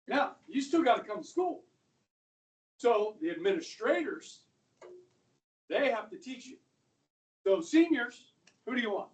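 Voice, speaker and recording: A male high school history teacher giving an animated classroom lecture, talking straight to his students and dropping to a whisper for asides. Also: measured pace, long pauses. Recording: voice from a distance across a classroom.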